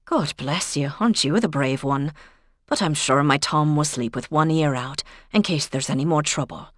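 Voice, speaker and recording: A woman's voice: low voice, normal speed, no echo, studio quality, close to an everyday voice. A woman doing a kindly, anxious older landlady. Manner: fussing, motherly.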